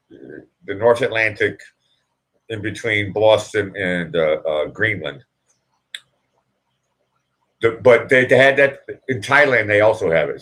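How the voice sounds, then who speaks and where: A man hosts a casual live chat, rambling from one joke to the next and laughing often. His voice sits low but swings widely and animatedly in pitch. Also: fairly bright tone. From United States. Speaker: livestream host.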